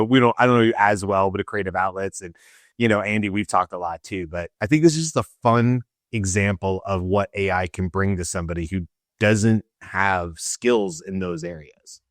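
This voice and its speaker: A man with a fairly low voice, chatting casually as a show co-host. He tells his story in an animated way and laughs often. The sound is dry and close. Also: dry recording. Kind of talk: casual chat.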